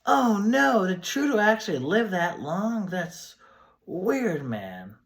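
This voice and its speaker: A man's voice: high voice, big pitch swings, slow, vocal fry, voice pushed up, full character voice. Man doing a spaced-out hippie TV host. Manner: drawling slang, mellow and dazed. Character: laid-back male 1970s hippie TV host. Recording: roomy echo.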